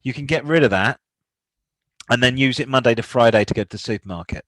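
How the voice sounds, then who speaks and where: A man's voice: medium pitch, fast, dry recording, poor audio. Chatty British man giving car advice. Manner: chatty, rambling, answers listener questions. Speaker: podcast co-host. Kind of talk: casual car-advice chat.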